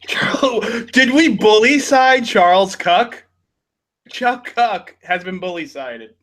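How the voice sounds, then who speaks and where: A man's voice: sits high, animated, slow pace, a bit bright, poor audio. Joking man hosting a chat show. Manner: joking, laughs often. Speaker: podcast host. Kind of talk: casual chat.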